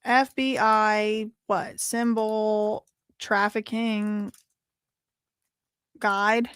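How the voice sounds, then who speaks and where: A woman's voice: mid-range voice, little pitch movement, extremely slow, a bit bright, smooth, no echo, studio quality. Chatty woman livestream host. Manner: chatty, reads super chats and documents aloud, exclamatory. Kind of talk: casual livestream commentary.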